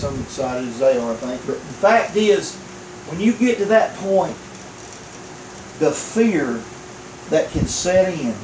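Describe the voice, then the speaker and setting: A man's voice: on the high side, background noise. A male pastor preaching a sermon, telling a story and acting out the voices, chuckling often. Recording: echoey room.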